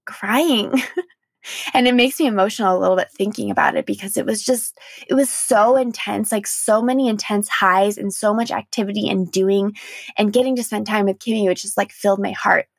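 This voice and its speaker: Hosting a solo podcast, a young woman reflects candidly and emotionally, her mid-range voice steady and at a normal pace, with gravelly fry trailing off her phrases. She drops in "like" often and laughs softly. The recording is dry and close-miked, with no room sound.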